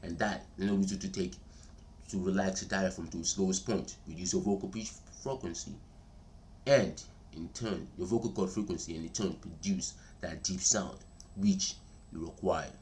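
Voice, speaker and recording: A man's voice: sits low, a little mellow, a little hiss or hum. A man giving a casual spoken tutorial, chatty and repetitive, calling listeners "bro" and checking in with "all right?". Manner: slows down and speaks steadily when demonstrating. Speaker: voice coach vlogger.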